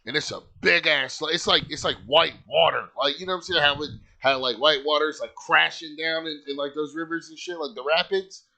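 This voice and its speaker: A man's voice: a little high, a little fast, gravelly, few pauses, pushed and bright. A man casually telling a personal story, loose and profane, with lots of filler words.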